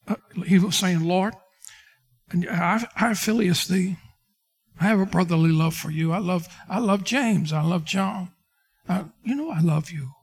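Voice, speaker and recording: Man pastor, high-pitched, preaching a sermon and acting out scripture scenes. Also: a little slow, husky. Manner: preaching with King James quotes and dramatic retellings.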